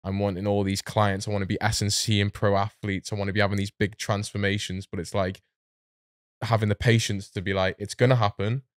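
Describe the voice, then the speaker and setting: A young Englishman speaks in a low, very even voice, earnest and motivational. His voice is smooth and clear. It sits close and dry at a studio mic. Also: fairly quick, dry recording. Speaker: podcast guest. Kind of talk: reflective casual chat. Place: podcast studio.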